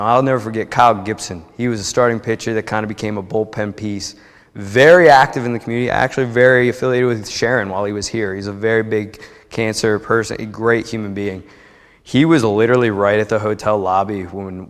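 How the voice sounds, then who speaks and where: A young man from New Jersey telling a heartfelt personal testimony at a church service, chatty and rambling with many restarts. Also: lowish voice. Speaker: church member giving a testimony. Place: church sanctuary. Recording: long reverb of a church hall.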